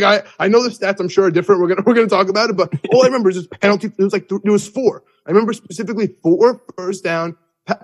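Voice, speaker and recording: A young man hosting a podcast, telling an excited, rambling story with many restarts. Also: high-pitched. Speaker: podcast host. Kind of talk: excited casual recap.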